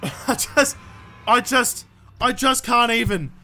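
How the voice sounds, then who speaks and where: A man's voice: very high-pitched, slow, bright, forceful tone, soft background music. A man giving let's play commentary, swearing constantly and ranting in exasperation while talking back to game enemies. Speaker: gaming video creator.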